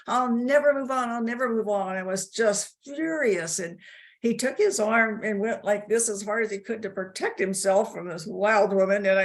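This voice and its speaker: A woman giving personal testimony in an interview, telling her story in a halting, emotional way with frequent restarts. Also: on the low side, gravelly. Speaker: interview guest.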